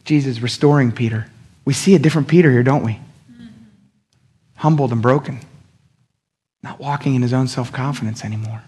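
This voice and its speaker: A man's voice: medium pitch, a little fast, pauses often, dark tone, breathy edge. A man preaching a Sunday sermon in a casual, slangy way, often acting out what people in the story said. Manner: casual, slangy preaching that acts out quoted speech. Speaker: pastor.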